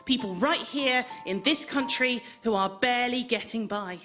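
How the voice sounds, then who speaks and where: A woman's voice: fairly high pitch, normal speed. A woman doing a mock-serious charity-appeal style bit of scripted topical satire on a comedy show. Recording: live audience and loud music behind.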